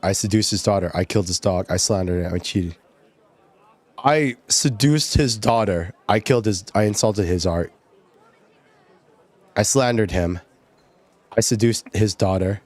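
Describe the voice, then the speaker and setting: A man's voice: on the low side, normal speed, pauses often, darkish tone, no echo. A young man streaming a game, chatting casually, joking and laughing, saying like a lot. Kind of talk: casual gameplay commentary.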